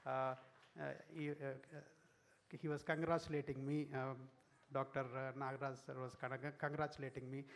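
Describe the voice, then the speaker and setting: Halting man giving a formal speech. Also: mid-range voice, flat delivery. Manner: halting, many fillers and restarts.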